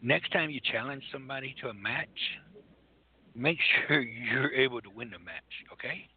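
A man's voice: medium pitch, normal speed, breathy edge, no room sound. A man co-hosting a comedy radio show, stammering and exasperated as he mock-interviews a guest. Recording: tinny phone-like lo-fi recording.

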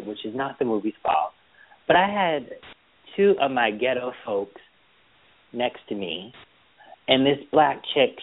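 A man chatting casually as a podcast co-host, telling animated stories about his weekend. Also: medium pitch. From Boston area. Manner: chatty storyteller, animated retellings. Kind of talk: casual chat. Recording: tinny phone-line audio.

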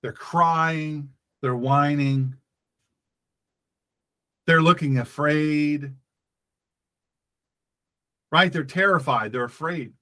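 A man's voice: fairly high pitch, very slow, pauses often, sharp tone. A man hosting a talk radio show, speaking as a pastor in a fervent, emphatic monologue that repeats phrases for effect.

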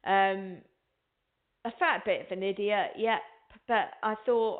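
A woman's voice: mid-range voice, unhurried. A woman hosting a spiritual talk show, chatting in a rambling way and speaking straight to her listeners. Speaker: radio show host. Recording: tinny phone line.

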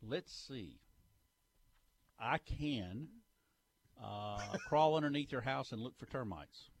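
Self-mocking man, lively pitch. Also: slow. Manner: self-deprecating, joking. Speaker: radio co-host. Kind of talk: casual radio banter.

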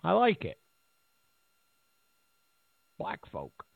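Gravelly, mocking male commentator on a tinny line. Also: high-pitched, wildly swooping pitch, extremely slow, dry recording. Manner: mocking, repetitive, laughs at his own points. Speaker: political commentary host. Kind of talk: casual political commentary. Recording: tinny phone-like audio.

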